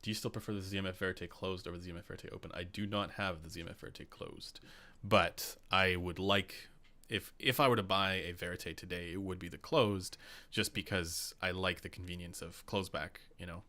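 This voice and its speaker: A man's voice: deep voice, fairly even intonation, a little fast, pushed and bright. A young Canadian man with a Canadian accent hosting a casual live stream, chatty with lots of fillers and laughs. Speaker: podcast host.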